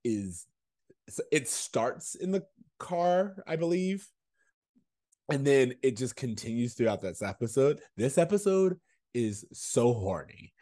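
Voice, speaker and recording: A man co-hosting a casual podcast, recapping a TV episode and acting out quotes with lively energy. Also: medium pitch, takes it slowly. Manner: animated, acts out quotes. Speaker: podcast co-host.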